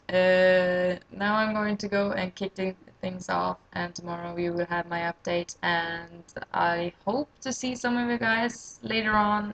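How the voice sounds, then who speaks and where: A tired woman from Sweden, an English speaker, rambling excitedly and self-deprecatingly as she introduces her gaming channel in a casual solo vlog. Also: lowish voice, highs cut off.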